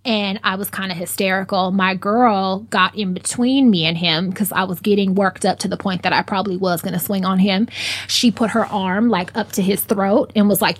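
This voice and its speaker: A woman speaks in a mid-pitched voice, close and dry, with no room around her. She tells her story bluntly and swears freely. She grows louder and more animated as she relives it. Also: normal speed, no room sound. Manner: blunt, profane storytelling, animated when retelling. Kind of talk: casual podcast conversation.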